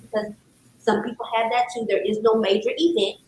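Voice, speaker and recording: A woman counselor, a guest on a talk show, telling her story in a lively, emphatic way and calling the host "girl". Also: a little high, brisk, slight background noise. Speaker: licensed counselor, podcast guest. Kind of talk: casual conversational storytelling. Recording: roomy echo.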